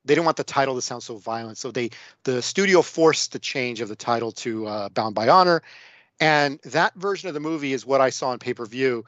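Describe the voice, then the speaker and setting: Male podcast guest, mid pitch, meandering storyteller, dry muffled recording. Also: lively intonation, brisk, fairly bright tone, no echo. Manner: rambling storytelling with many fillers. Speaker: guest film discussant. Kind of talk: casual podcast film chat.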